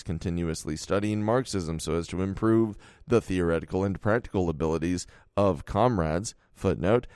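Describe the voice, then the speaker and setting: Low-voiced guy narrating an audiobook, steady and measured, dead dry recording. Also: no room sound. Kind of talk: scripted nonfiction narration.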